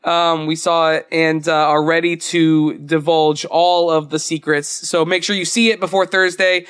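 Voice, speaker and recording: Young male podcast co-host, high-pitched, casual and rambly. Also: flat delivery, unhurried, fairly bright tone, smooth. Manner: chatty, rambling, laughs often. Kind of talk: casual chat.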